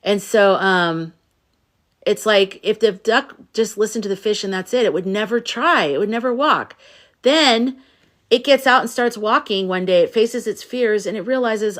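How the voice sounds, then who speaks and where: A woman's voice: medium pitch, normal speed, fairly bright tone. A middle-aged woman hosting a casual livestream, talking to viewers in a playful, rambling way and swearing now and then. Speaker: livestream host, spiritual coach.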